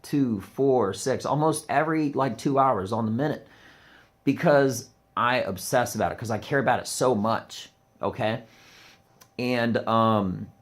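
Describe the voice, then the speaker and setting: A comedian ranting to camera, rambling and emphatic, with lots of "um" and "like". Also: male voice, mid-range voice.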